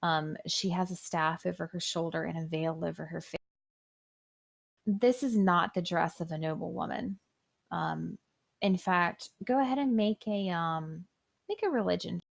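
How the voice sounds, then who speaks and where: A woman running a one-on-one tabletop game as game master, narrating descriptively and often pausing on "um". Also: fairly low pitch, creaky. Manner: descriptive, with frequent "um"s.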